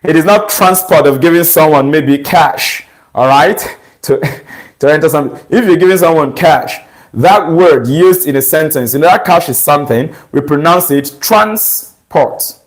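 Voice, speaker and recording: Recorded with poor audio quality, this English grammar teacher has a somewhat high male voice. He goes through exam questions at a slow, deliberate pace, posing rhetorical checks along the way.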